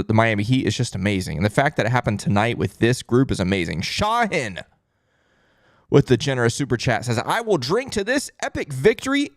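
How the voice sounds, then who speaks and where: A man hosting a live postgame fan podcast, stunned and excitable, his voice swinging between high and low. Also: dry recording, clean studio sound. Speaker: podcast host.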